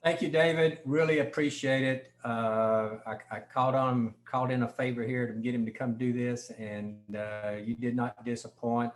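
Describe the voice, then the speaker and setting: Relaxed male host on a video call. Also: mid-range voice, moderate pace, few pauses, slight background noise. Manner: relaxed, with frequent ums and you-knows. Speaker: host running a convention session. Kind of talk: casual meeting moderation.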